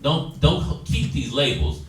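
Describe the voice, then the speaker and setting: A man's voice: medium pitch, big pitch swings, slow pace. A man teaching a Bible study class, exhorting his listeners and acting out quoted dialogue. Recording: echoey room, distant mic, faint noise.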